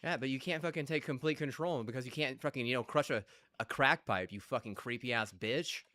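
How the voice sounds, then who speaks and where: A young man ranting angrily and profanely while playing a game, with shouted bursts. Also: medium pitch, brisk, no echo. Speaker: gamer. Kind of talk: angry gaming rant.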